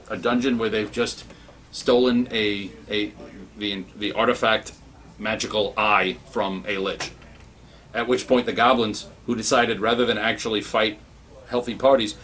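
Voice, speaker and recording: A man giving a casual spoken review of comics, excitable and rambling, with many restarts. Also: lowish voice.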